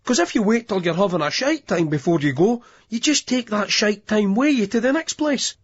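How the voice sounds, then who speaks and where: Cocky party-goer, voiced by a male reader, husky, lo-fi. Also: high-pitched, expressive, normal speed, no room sound, voice pushed up. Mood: cheeky. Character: cocky Scottish man, older party-goer. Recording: dull lo-fi audiobook.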